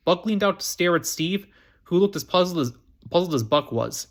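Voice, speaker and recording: Halting, high-voiced man reading a novel. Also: lively intonation. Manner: halting, frequent restarts and repeated phrases. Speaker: storytime channel reader. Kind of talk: amateur book reading.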